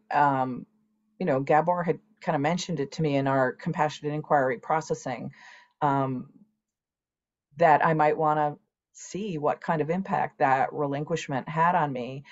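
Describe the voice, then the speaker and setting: A woman's voice: low-pitched, darkish tone, highs cut off. A woman in her sixties, a podcast guest telling her own story candidly and animatedly, acting out past conversations. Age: 60s. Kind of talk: candid personal interview.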